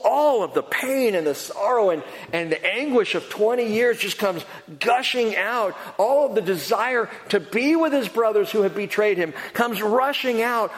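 A man preaching a sermon, earnest and emphatic, swinging between quiet and loud. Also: high-pitched. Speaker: pastor. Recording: long hall reverb.

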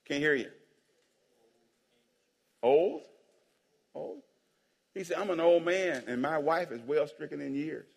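In a church sanctuary full of long hall reverb, a man preaches a playful sermon as pastor, calling for amens and joking with the crowd. His voice sits on the high side, with vocal fry, at a moderate pace.

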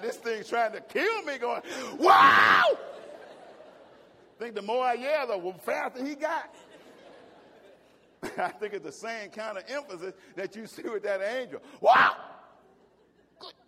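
Pastor guy preaching real high and loud, jokey stories, long reverb off the church walls. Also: noisy background. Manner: preaching with shouted exclamations and folksy jokes. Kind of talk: fiery sermon. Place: church sanctuary.

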